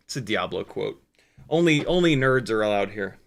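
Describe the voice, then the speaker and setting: A man hosting a casual live stream, joking around, animated and swearing freely. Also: on the low side, moderate pace, vocal fry. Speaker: livestream host.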